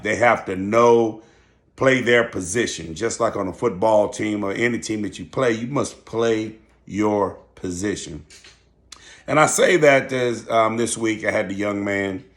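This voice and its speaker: An older man, a school teacher and channel host, telling a story in a calm, measured, preachy way. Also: lowish voice. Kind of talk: casual talk to camera.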